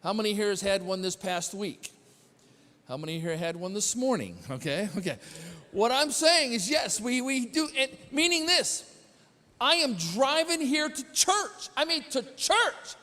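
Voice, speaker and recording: A male pastor with a high-pitched voice preaches in a chatty, storytelling way. He keeps quizzing the congregation and pokes fun at himself. His voice rings with a long reverb through the church sanctuary. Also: lively intonation, unhurried, sharp tone. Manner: chatty, quizzes the congregation, self-deprecating humor. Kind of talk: conversational sermon storytelling.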